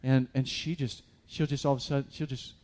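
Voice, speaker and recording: A man's voice: medium pitch, little pitch movement, a little fast, darkish tone. A man preaching a sermon as a pastor, conversational with many fillers and restarts, building to emphatic peaks.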